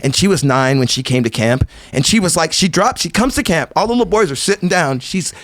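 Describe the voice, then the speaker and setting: A middle-aged man talks in a fairly high voice as a guest on a podcast, animated and full of stories. He acts out what other people said in quick put-on voices. The sound is dry and close to the mic. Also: dry recording. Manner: animated storyteller, acts out quotes in shifting voices. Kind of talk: casual interview chat.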